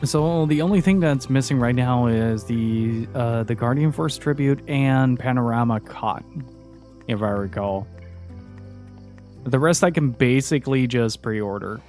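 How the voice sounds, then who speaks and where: A man's voice: medium pitch, a little slow, faint music behind. Wry man streaming a game. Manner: relaxed, wry running commentary. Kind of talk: casual gameplay commentary.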